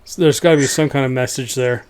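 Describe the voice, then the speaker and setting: A man hosting an interview podcast, speaking in a measured, polite way as he thanks his guest. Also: medium pitch, fairly even intonation, a little mellow. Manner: measured, unhurried wrap-up, polite and appreciative. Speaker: podcast host.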